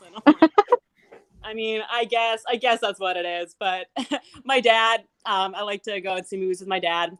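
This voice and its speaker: A woman's voice: mid-range voice, moderate pace, fairly bright tone. A young woman performing a stand-up comedy set, chatty and rambling, often laughing at her own jokes.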